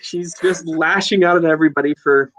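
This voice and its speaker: A man's voice: fairly high pitch, fairly even intonation, fairly quick, fairly bright tone, low-quality recording. A young man and cast member telling a story earnestly on a video call, amused by it.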